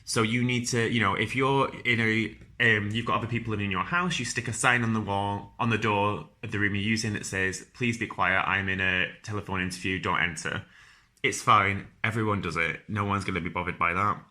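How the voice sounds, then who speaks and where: Bright-voiced Northern English man. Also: lowish voice, steady tone, fairly quick, hardly any pauses. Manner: chatty, informal, lots of ums and restarts. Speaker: podcast host giving careers advice. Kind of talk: casual advice talk.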